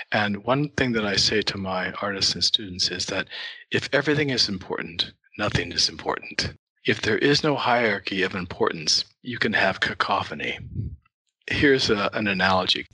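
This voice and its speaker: A man's voice: fairly low pitch, bright, forceful tone, breathy edge, no echo, low-quality recording. A man who teaches art, a guest in an interview, patiently explaining ideas through worked examples.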